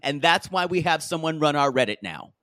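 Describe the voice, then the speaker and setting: A man co-hosting a casual reality-TV recap podcast, jokey and animated, often mimicking the cast in high mocking voices. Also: fairly quick, no echo, studio quality. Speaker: podcast co-host.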